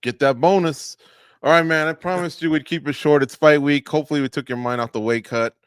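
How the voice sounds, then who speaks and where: A man's voice: a little high, steady tone, brisk, clean tone, no echo, studio quality. A man hosting a radio interview, friendly and joking, hyping up his guest. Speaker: radio show host.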